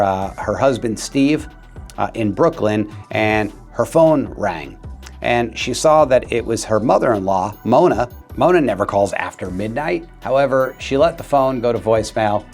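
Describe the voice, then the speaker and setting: A man, a real estate agent telling a story in an earnest, conversational way to camera. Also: mid-range voice. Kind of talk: talking-head video.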